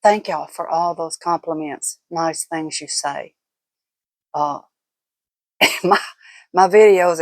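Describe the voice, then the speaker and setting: A woman's voice: fairly low pitch, lively intonation, measured pace, pauses often, no room sound. An older woman, telling stories casually in a vlog, folksy and laughing often. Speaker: vlogger.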